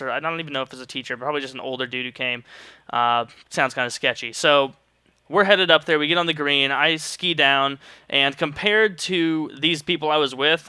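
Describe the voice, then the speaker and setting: A man's voice: on the high side, bright, forceful tone, clear, resonant tone, no echo. A young man from St. Louis, Missouri, telling a rambling, joking story in casual vlog style and swearing freely. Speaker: vlogger.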